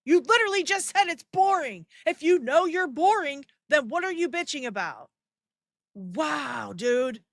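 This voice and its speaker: A woman's voice: high voice, expressive, measured pace, dry recording, clean studio sound. A young woman hosting a live stream, ranting bluntly and profanely in reaction to a clip. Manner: heated ranting at chat.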